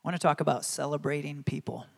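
A male pastor in his thirties delivering a sermon in an earnest, conversational way. His voice sits a little higher than most men's. He often laughs as he tells his stories. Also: steady tone, quick pace, vocal fry.

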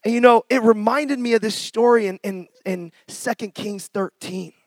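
A middle-aged man preaching a testimony sermon, telling his story with passion and bursts of shouting, then reading scripture slowly and softly. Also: high-pitched, no echo.

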